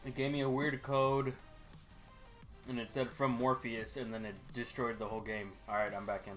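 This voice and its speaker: A man's voice: mid-range voice, level tone, normal speed, fairly bright tone, faint music behind. A man joking and complaining about the game while chatting with friends on a live stream. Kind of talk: casual gaming banter.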